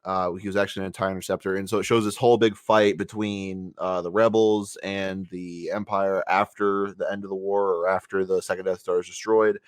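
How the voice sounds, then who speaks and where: A man's voice: low-pitched, level tone, brisk, hardly any pauses, clear, resonant tone, no room sound. A man co-hosting a podcast, chatting casually in a blunt, contrarian way with many filler sounds. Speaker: podcast co-host. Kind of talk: casual chat.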